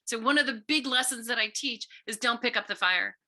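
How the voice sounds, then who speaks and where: A woman's voice: a little high, brisk, sharp tone. A middle-aged woman author giving an earnest, storytelling talk to schoolchildren, sometimes acting out quoted voices. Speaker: visiting author speaking to students.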